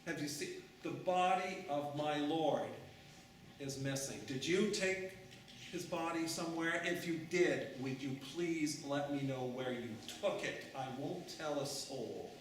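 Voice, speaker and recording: A man playing a frantic grieving woman who pleads with rapid questions. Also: on the high side, slight background noise, natural voice. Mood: pleading. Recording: echoey room, mic far off.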